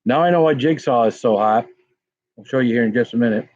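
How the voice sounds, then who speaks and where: A man with a brisk, medium-pitched, darkish voice hosts a casual pepper-tasting livestream, rambling and greeting chat viewers by name. The recording is dull and lo-fi, with no echo.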